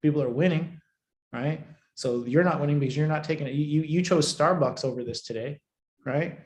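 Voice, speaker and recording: A man coaching students in a live online training, blunt and profane, swinging between loud and soft for emphasis. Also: fairly high pitch, fairly quick. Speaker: marketing coach. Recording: echoey room.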